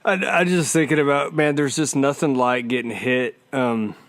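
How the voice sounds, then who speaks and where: Laid-back podcast host, smooth and dry. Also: male voice, mid-range voice, fairly even intonation, moderate pace, dry recording. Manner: laid-back, says dude and man. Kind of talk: casual chat.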